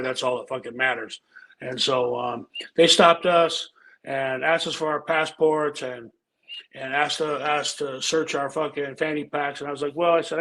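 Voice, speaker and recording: A man's voice: mid-range voice, fairly bright tone, rough recording. A man telling profane, rambling stories in a casual chat, a former pro wrestler and regular on the show. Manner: profane, rambling, laid-back storytelling.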